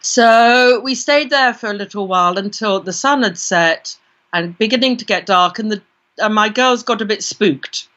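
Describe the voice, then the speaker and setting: In an interview, a British parapsychologist with a bright, medium-pitched voice tells a vivid first-person story at a moderate pace, quoting her inner voices along the way. She speaks British English. The recording sounds dull and lo-fi.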